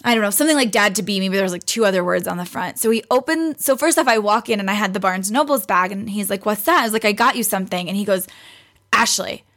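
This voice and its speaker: A woman's voice: medium pitch, quick pace, few pauses, fairly bright tone. A pregnant young woman telling a story in casual chat, acting out what others said and laughing often. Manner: chatty, acts out quoted voices, laughs often. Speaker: guest.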